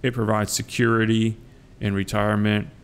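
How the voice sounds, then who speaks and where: Middle-aged Southern man, low and gravelly, joking casual vlogger talking to camera. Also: little pitch movement. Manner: joking, drawn-out, addresses viewers as guys. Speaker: coin collecting vlogger. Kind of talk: casual rambling chat.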